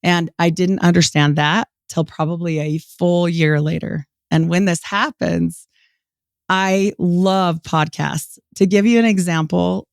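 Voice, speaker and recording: A woman in her forties from Utah, a podcast guest telling her story in a lively way, acting out what people said and laughing often. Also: fairly low pitch, a little slow, vocal fry, no echo, clean studio sound. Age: 40s. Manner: animated, quotes people in lively voices, many "like" fillers. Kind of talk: storytelling interview.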